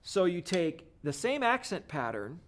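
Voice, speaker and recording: A male drum teacher explains a video lesson step by step. His tone stays encouraging throughout. His voice sits a bit on the high side for a man. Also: big pitch swings, a little slow, background noise.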